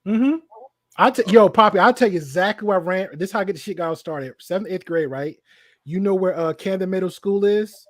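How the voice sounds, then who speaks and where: A man's voice: high-pitched, brisk, no room sound, studio quality. A man with a faint Southern drawl, telling stories in casual chat. He acts out quotes and swears freely. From American South.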